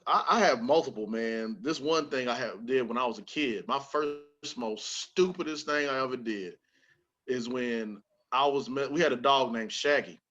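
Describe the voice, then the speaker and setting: A man hosting a podcast, telling a childhood story in a casual, animated way with plenty of swearing. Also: mid-range voice, moderate pace, dull audio. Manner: animated, swearing, repeats words when excited. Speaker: podcast host.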